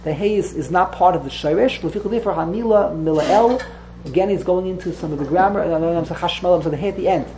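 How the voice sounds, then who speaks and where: A woman's voice: lowish voice, quick pace, background noise. A woman teaching a religious text class to students, explaining patiently and often repeating and correcting herself.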